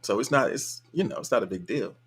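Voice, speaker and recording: A man's voice: mid-range voice, animated, quick pace, a bit bright, husky, faint music behind. A man hosting a casual live stream, reading viewer comments aloud in a laid-back, colloquial way and chuckling often. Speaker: livestream host.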